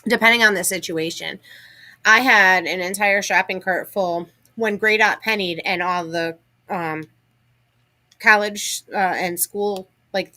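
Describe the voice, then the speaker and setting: A woman co-hosting a casual livestream, telling stories in a chatty, animated way. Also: medium pitch. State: has the hiccups. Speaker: livestream co-host.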